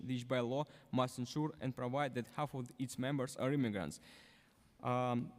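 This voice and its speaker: Guy reading testimony, lots of uhs, echoey hearing room. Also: medium pitch. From former Soviet country. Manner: halting, frequent uh fillers, non-native grammar. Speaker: public testimony speaker, civic activist. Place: large city hall hearing room. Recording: reverberant hall.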